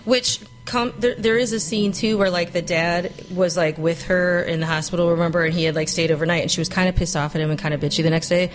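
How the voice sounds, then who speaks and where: A woman co-hosting a casual film podcast, animated and quick to act out what characters said. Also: fairly low pitch, low-quality recording. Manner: animated storyteller, acts out quotes. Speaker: podcast co-host. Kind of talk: casual chat.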